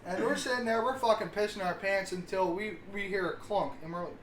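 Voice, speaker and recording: Brief: guy, slightly high voice, cusses constantly through rambling stories, roomy mic with light hiss. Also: fairly quick, a bit bright. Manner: rambling, heavy swearing, self-mocking. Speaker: podcast co-host. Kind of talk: casual storytelling. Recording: roomy sound with faint hiss.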